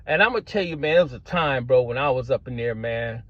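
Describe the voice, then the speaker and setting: A man's voice: mid-range voice, lively intonation, a little fast, a bit bright, dry recording. A middle-aged man telling a story in casual street slang, filling his talk with "man" and "bro". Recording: dull lo-fi sound, dry.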